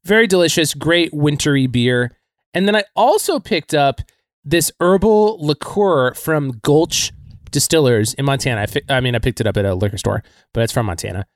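A man chats on a podcast in a lively voice that swings widely in pitch. He rambles with plenty of asides. The sound is close and dry, from a remote call. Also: normal speed, no room sound. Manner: lively, chatty, lots of likes and trailing asides. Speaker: podcast co-host. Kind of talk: casual chat. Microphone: remote call mic.

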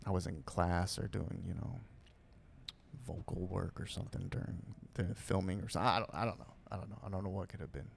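A man's voice: deep voice, steady tone, fairly quick, gravelly, breathy edge. A man chatting casually as a podcast guest, rambling and hesitant with many fillers.

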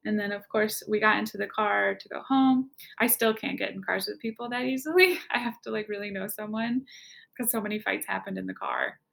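A woman tells her own story as a guest, talking casually and dropping "like" into her sentences. Her voice is heavily creaky and gravelly throughout, with a relaxed, conversational delivery. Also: mid-range voice, a little fast. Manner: casual, conversational, fills speech with "like". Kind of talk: personal storytelling.

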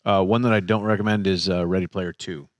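A man co-hosting a podcast in casual chat, dropping wry, deadpan asides. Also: deep voice, brisk, no room sound, studio quality. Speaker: podcast co-host.

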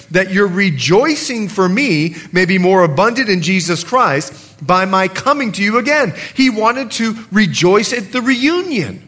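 Lively, high-voiced male preacher. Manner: animated preaching with emphatic scripture reading. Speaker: pastor. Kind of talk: sermon.

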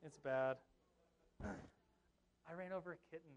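A young man preaching a sermon as pastor, telling a Bible story in an animated, joking way with asides to his congregation. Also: fairly high pitch, slow pace.

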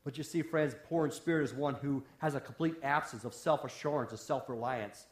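Man, pastor, impassioned sermon, sudden hushed drops, mid-pitched voice, echoey sanctuary. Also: brisk. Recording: roomy echo.

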